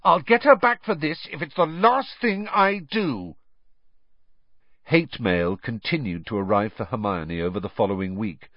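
A man narrating an audiobook in a steady, expressive reading. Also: on the low side, no room sound, highs cut off.

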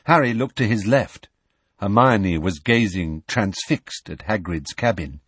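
A man reads a story aloud in a measured, expressive way, his voice husky with lively rises and falls. The recording is dry and close, with no room sound. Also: lowish voice, dry recording. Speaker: audiobook narrator. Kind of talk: scripted narration.

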